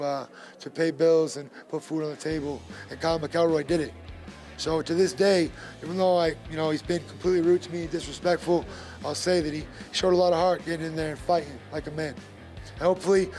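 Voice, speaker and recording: A man's voice: fairly high pitch, darkish tone. A man, a bare knuckle fighter, talking emphatically in a post-fight interview and repeating his points. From Gloucester, Massachusetts.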